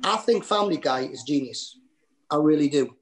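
A man's voice: fairly high pitch, animated. A man with a Geordie accent, a comedian chatting as a podcast guest, rambling and laughing at himself. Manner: rambling, restarts and fillers, quick to laugh at himself. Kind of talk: anecdotal podcast chat.

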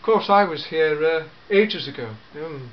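A man voicing an elderly, fussy, grandfatherly time-travelling gentleman in a fan audio drama, full of hmms and eh?s. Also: on the high side, animated, unhurried, dull audio, slight background noise. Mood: fussy, chatty. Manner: fussy, hesitant, peppered with hmms and eh?s.

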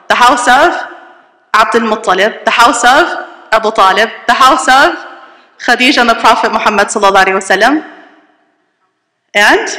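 A woman's voice: a little high, sharp tone. A woman giving a religious talk, telling a story and asking her audience questions. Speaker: religious teacher. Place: retreat hall with audience. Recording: echoey hall.

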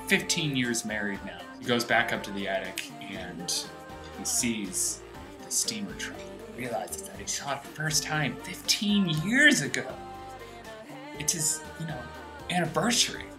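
A young man telling long jokes to his laptop camera, animated, acting out the characters' lines. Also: mid-range voice, low-quality recording. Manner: animated storyteller, voices the characters. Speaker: comedy show host telling jokes. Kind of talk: joke telling. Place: small room, webcam. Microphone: built-in laptop camera mic.

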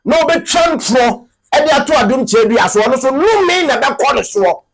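A man's voice: extremely high pitch, lively intonation, moderate pace. A Ghanaian man giving emphatic, scolding commentary on church matters. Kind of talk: animated commentary.

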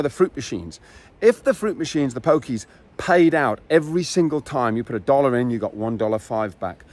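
A man giving dog training tips in a casual, chatty way, acting out the dogs and owners as he explains. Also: fairly high pitch. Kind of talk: casual instructional talk.

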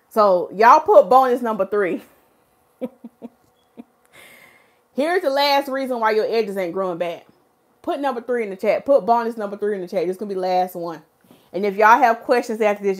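A woman, a hair stylist hosting a casual live stream and talking to her chat in an animated, preachy way. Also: mid-range voice, normal speed, pauses often. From North Carolina, USA.

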